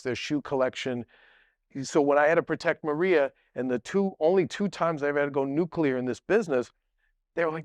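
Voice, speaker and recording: A man's voice: on the high side, no echo. A middle-aged man who is a guest on a podcast, telling long stories in a rambling way with many restarts and asides. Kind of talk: casual storytelling.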